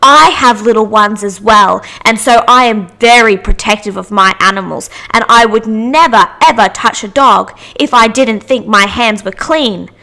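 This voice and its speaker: A woman voicing a pushy, easily offended female shopkeeper who speaks in a high, emphatic voice. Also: normal speed, few pauses, pushed and bright. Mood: indignant. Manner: gushing, then indignant.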